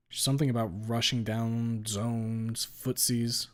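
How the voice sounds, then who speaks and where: A man reading a first-person story aloud with a blunt, deadpan delivery and casual swearing. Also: lowish voice, fairly quick, hardly any pauses. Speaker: story reader.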